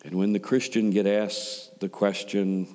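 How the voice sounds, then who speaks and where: A man's voice: on the low side, level tone, measured pace, mellow, big-room sound. A man preaching a sermon in a conversational storytelling way, building up to rhetorical questions. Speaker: pastor.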